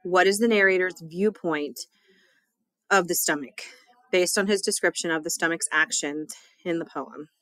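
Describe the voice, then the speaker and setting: A woman's voice: lowish voice, moderate pace, fairly bright tone, no room sound. A woman teacher reading a test and a poem aloud for her students, in a casual, chatty way with small laughs.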